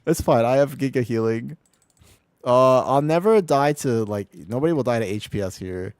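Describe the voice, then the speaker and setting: A man streaming an online game as a healer, rambling excitably through casual commentary, swearing freely and laughing often. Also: medium pitch, normal speed, clear, resonant tone, no room sound, clean studio sound. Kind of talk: casual live gameplay commentary.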